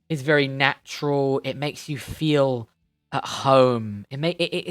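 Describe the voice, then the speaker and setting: A man's voice: medium pitch, fairly bright tone. A man acting as game master, describing scenes at length and searching for words. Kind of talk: narrating a tabletop game.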